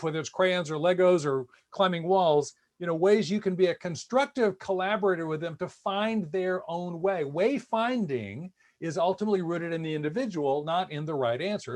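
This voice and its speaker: A man's voice: on the high side, moderate pace, hardly any pauses. A man giving an online lecture-style talk, telling stories and acting out the voices of students and parents. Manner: animated storyteller acting out quoted voices. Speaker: speaker.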